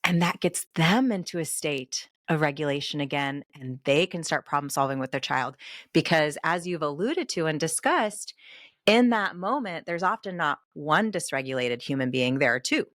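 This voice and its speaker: A woman with a low, deep voice hosting a podcast interview, recorded close and dry with no room sound. She speaks reflectively, building long, considered points. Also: lively intonation, normal speed, fairly bright tone, dry recording. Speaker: podcast host. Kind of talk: conversational interview.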